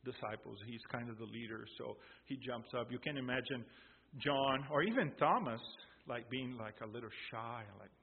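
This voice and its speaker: A man preaches a sermon at a medium pitch and moderate pace, explaining emphatically and repeating his key points. The audio sounds tinny, like a phone, in a reverberant hall, with a little hiss or hum.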